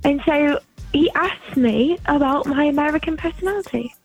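A woman's voice: sits high, moderate pace, muffled recording, faint music behind. A woman who works in voiceover, chatting casually on a podcast with a laughing, self-deprecating manner. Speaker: guest voiceover actress.

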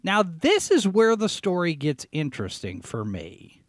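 A man hosting a talk show, giving sarcastic commentary as he reads out headlines, often clearing his throat and restarting his sentences. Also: sits high, wildly swooping pitch, measured pace, no room sound, clean studio sound. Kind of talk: opinionated commentary, reading headlines.

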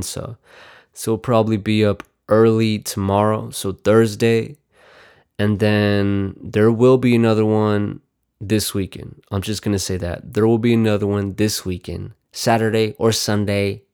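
A man's voice: on the low side, flat delivery, normal speed, darkish tone, smooth. A man hosting his own podcast, talking in a casual, rambling monologue. He swears constantly, mocks himself and calls his listeners dude and bro. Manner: profane, rambling, self-mocking, talks to viewers as "dude" and "bro". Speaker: podcast host.

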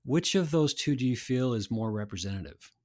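A man's voice: medium pitch, lively intonation, brisk, darkish tone, dry recording, studio quality. A man hosting a podcast, asking long, playful questions with many fillers and restarts. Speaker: podcast host. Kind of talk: interview questions.

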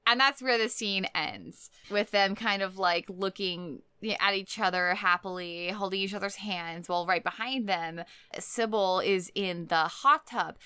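A woman co-hosting a casual podcast, giggling as she retells film scenes and quickly acts out the characters' lines. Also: medium pitch, pushed and bright, smooth, dry recording. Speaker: podcast co-host. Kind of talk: casual chat recapping a film.

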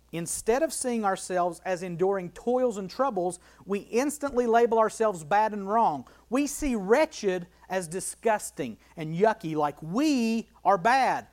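Bible study teacher; emphatic, repetitive delivery, rhetorical questions, walks through a verse line by line. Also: medium pitch. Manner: emphatic, repeats key phrases, asks rhetorical questions.

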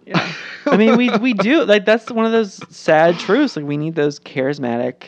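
A woman's voice: mid-range voice, normal speed. A woman co-hosting a casual political chat podcast, swearing freely and acting out quotes in funny voices.

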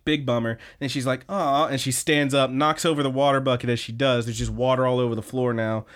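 A man co-hosting a podcast, telling an anime plot in an animated, casual way and swearing freely. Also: mid-range voice, quick pace. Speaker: podcast co-host. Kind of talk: casual anime recap chat.

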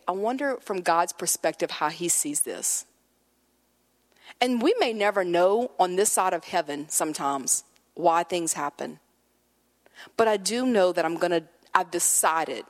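A woman preaching a conversational sermon, telling lively personal stories and acting out a child's voice. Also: mid-range voice. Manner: animated storyteller, acts out her son's voice. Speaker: guest preacher. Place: church sanctuary. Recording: long hall reverb.

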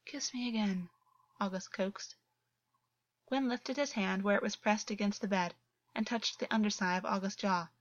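A woman reads a story aloud as scripted narration, keeping a steady, even flow. Her voice sits in a middle register. The recording is dry and slightly muffled, without room sound. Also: mid-range voice, no room sound. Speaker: audiobook reader.

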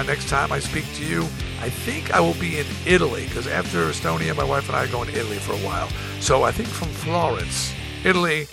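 A middle-aged man hosting his own show, telling a road story in a blunt, profane, animated way. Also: mid-range voice, vocal fry. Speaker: host. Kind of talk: storytelling monologue.

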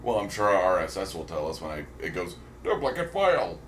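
Low-voiced man rambling in casual chat. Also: quick pace, a bit bright. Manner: rambling, many ums and restarts. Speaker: podcast co-host. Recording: roomy echo with faint noise.

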